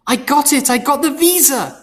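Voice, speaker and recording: An excited young man, pitched up and breathless with eagerness, as a reader acts him. His voice leaps about. It rings in a long hall reverb. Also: measured pace, full character voice.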